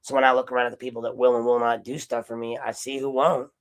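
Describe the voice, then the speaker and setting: A man's voice: mid-range voice, little pitch movement, quick pace, low-quality recording. A man hosting a solo podcast monologue, rambling and sarcastic, with profanity and frequent self-corrections. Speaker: podcast host, investigative journalist.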